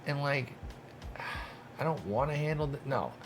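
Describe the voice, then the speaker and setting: A man's voice: mid-range voice, animated, measured pace, a little hiss or hum. A young man giving casual gameplay commentary, talking to himself and the game with exasperated, profane bursts of mock outrage. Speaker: gaming streamer.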